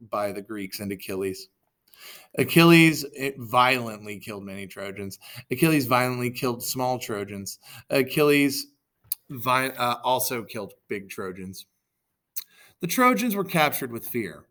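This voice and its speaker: A man reads a story aloud in a relaxed, unpolished way. His voice is bright, and he stops to fix slips and toss in quick asides. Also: medium pitch. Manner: reads with self-corrections and asides. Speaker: reader. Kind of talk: casual storybook reading aloud.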